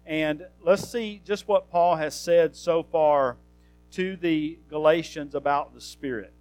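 A man with a notably high voice preaches a sermon in an earnest, conversational way, pausing on fillers and rising into emphatic questions. Faint guitar music plays softly behind him. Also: smooth, dry recording, rough recording.

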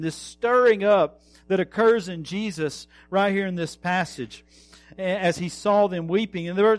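A man preaching a sermon, earnest, slowing down to stress words and trailing off softly. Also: high-pitched, no room sound. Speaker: pastor.

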